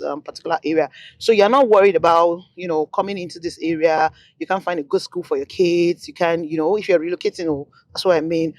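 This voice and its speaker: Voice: mid-range voice, dry recording. A real estate vlogger with a Nigerian accent, giving a chatty, joking tour from inside a car and drifting off topic often. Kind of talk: casual drive-through tour commentary.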